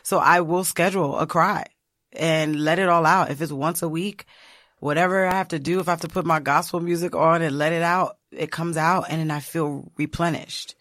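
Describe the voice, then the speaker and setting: A woman's voice: low-pitched, moderate pace, no echo. A woman guest on a podcast, talking casually and expressively, acting out her own quotes as she tells stories. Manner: animated, expressive storyteller who acts out quotes. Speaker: guest, blogger. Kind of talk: casual interview chat.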